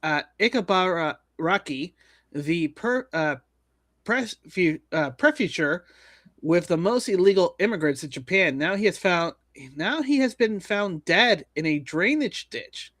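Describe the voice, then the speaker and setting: A man hosting a casual comedy news show, talking in halting bursts with restarts and chuckles. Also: sits high, animated, fairly bright tone, no room sound, studio quality. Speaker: news commentary host.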